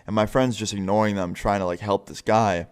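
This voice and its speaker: A young man with a lowish voice tells a story in loose, casual storytime fashion. He rambles, swears freely and drops "like" into nearly every sentence. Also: fairly even intonation, brisk, smooth. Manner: profane, rambling, full of filler "like".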